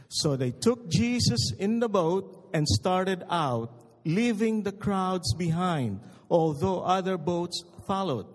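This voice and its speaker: A male pastor preaching a sermon, telling stories slowly and with emphasis before he leads a prayer. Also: high voice, lively intonation, big-room sound. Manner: slow, emphatic storytelling.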